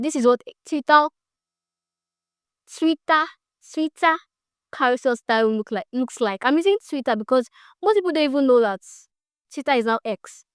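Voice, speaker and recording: Woman, casual tutorial, excitable and repetitive, smooth voice, dry sound. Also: sits high, no echo. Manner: chatty, excitable, repeats phrases. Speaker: social media tutor. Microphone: phone on a tripod.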